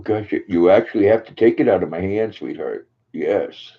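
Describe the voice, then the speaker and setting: Older guy rambling on his livestream, kinda low voice, tinny phone-call sound. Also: steady tone, fast. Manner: chatty, reads viewer comments aloud, coos to his dog. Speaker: livestream host. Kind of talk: casual livestream chat.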